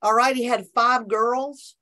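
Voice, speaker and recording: Her voice is on the high side, pushed and bright, with a steady tone and an unhurried delivery. She's a minister and podcast guest speaking remotely from her office, enthusiastically and preachily discussing faith, with many restarted sentences.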